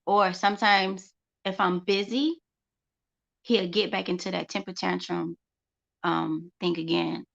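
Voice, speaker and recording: A woman with a gravelly, fry-edged voice talks casually as a homeschooling mother on her vlog. She circles back to her phrases to drive them home. The sound is dull and lo-fi. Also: fairly low pitch, a bit bright. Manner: conversational, repeats phrases for emphasis. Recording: dull lo-fi recording.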